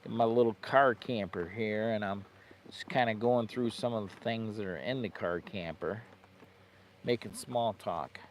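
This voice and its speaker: A man's voice: on the low side, a little slow, slight background noise. A man chatting casually on a livestream from inside his parked car camper, rambling and laughing at himself as he goes through his gear. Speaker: vlogger.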